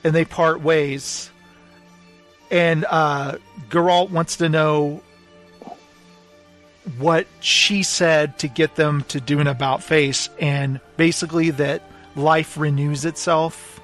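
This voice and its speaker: A man's voice: a little high, fairly even intonation, takes it slowly, fairly bright tone, faint music behind. A man co-hosting a podcast, casually recapping a book and acting out its quotes. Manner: retells scenes, acting out quotes. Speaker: podcast co-host. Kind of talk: casual book club chat.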